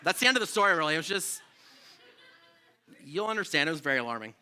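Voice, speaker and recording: Bright-voiced man telling stand-up stories. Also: on the high side, fast, clear, resonant tone. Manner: profane, animated, exasperated storytelling. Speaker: stand-up comedian. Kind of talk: stand-up comedy storytelling. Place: comedy club stage.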